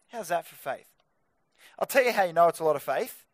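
A man preaching an energetic youth group sermon, with punchy joking asides to teenagers. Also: on the high side, brisk, no echo, clean studio sound. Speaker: youth pastor.

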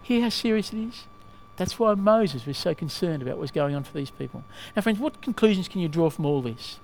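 A male preacher giving a sermon in a halting way, often asking the listeners questions. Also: a little high, expressive, gravelly, darkish tone, a little hiss or hum.

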